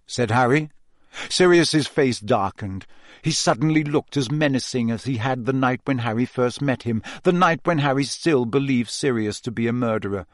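A man narrating a storybook, reading at a measured pace with expression. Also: medium pitch, no room sound, clean studio sound. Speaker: audiobook narrator.

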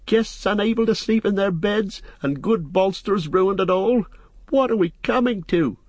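A man voicing a fussy, frightened older innkeeper in an audiobook, with a high, flustered, wailing delivery. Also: a little slow, slightly rough, dry recording. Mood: dismayed. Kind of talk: audiobook character voice.

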